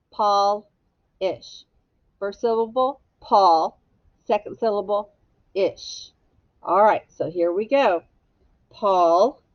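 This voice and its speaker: A woman's voice: medium pitch, no room sound, highs cut off. A woman teacher giving a phonics lesson to young children, patiently sounding out and spelling each word.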